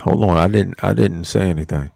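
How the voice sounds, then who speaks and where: Deep-voiced man in loose banter. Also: brisk, gravelly, dark tone, no room sound. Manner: loose, slangy, laughing along. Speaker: podcast co-host. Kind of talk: casual banter.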